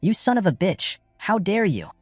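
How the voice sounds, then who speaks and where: A man voicing an arrogant, hot-tempered young heir who shouts insults. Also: high voice, very animated, moderate pace, dry recording, studio quality, soft background music, voice pushed up. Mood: angry shouting.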